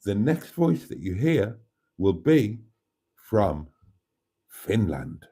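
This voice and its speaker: A man's voice: on the low side, very animated, very slow, mellow, breathy edge. A man hosting a casual livestream, reading out viewer comments and laughing heartily. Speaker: livestream host.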